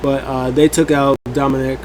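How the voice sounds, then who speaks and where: A man speaks with a medium pitch at a moderate pace, background noise audible. On his review show he casually rambles through a wrestling event recap, animated, using many fillers and performing what people said.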